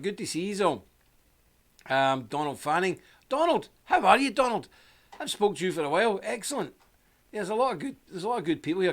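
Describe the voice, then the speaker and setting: A man hosting a casual live stream, spinning a long personal anecdote in a loose, talkative manner. His speaking voice sits a little higher than most men's. He breaks off to welcome viewers one by one. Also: a bit bright. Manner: chatty and anecdotal, greeting viewers by name.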